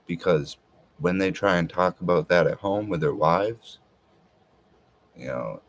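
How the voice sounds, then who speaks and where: Slow, very deep husky man. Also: expressive, slight background noise. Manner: hesitant, rambling, full of filler words. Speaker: podcast host. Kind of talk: casual rambling monologue.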